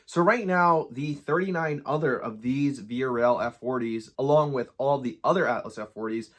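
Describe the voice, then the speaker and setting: A man's voice: mid-range voice, fairly bright tone. A young man hosting a model train channel, chatty and upbeat, with a casual hobby vlog delivery. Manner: chatty and upbeat, jokes about his own accent.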